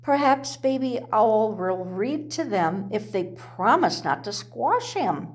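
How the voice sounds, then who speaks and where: A woman voicing a kind father owl who speaks gently and soothingly. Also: fairly high pitch, big pitch swings, takes it slowly. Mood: gentle.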